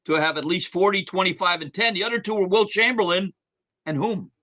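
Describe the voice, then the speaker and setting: A man's voice: high voice, pushed and bright, highs cut off. A man reading sports trivia questions with multiple-choice answers on a radio show. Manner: reads questions briskly with multiple choice options.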